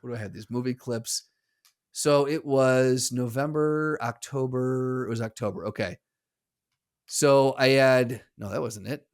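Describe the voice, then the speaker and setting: A man's voice: medium pitch, steady tone, unhurried. A man co-hosting a casual podcast. He is easygoing, laughs often, and trails off mid-sentence. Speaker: podcast co-host. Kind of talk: casual chat.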